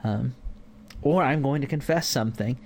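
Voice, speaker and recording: A man's voice: medium pitch, normal speed, creaky. A man teaching a conversational Bible lesson to a church group, informal with fillers. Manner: informal, with fillers and acted-out examples.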